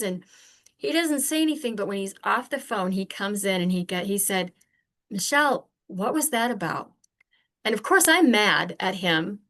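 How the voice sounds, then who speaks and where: An older woman who is a podcast guest, telling earnest personal stories in a candid, animated conversational way. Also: fairly high pitch. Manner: earnest, animated, acts out remembered exchanges.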